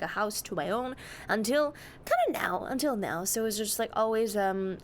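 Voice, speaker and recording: A woman's voice: mid-range voice, a little hiss or hum. A young woman streamer chatting casually, greeting and answering her chat with a giggly, easygoing manner.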